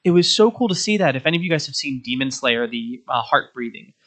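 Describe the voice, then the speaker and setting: A young adult man in casual chat, rambling and halting, with many restarts as he recounts his day. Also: mid-range voice, animated, fairly bright tone. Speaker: podcast guest.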